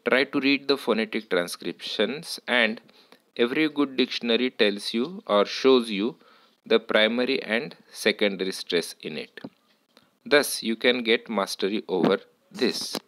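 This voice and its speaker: Slow, deliberate male teacher. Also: medium pitch, a bit bright, no echo. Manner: slow, deliberate, repeats and self-corrects. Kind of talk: lecture on word stress.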